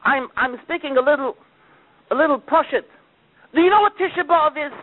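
A man giving a sermon with dramatic storytelling, his delivery swinging between loud outbursts and hushed asides. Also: extremely high pitch, brisk. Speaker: preacher. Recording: tinny phone-like recording.

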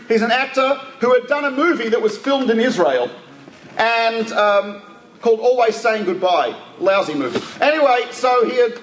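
A man telling a story in a lecture, talking casually with asides and restarts. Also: high-pitched. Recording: echoey room with faint ambient noise.

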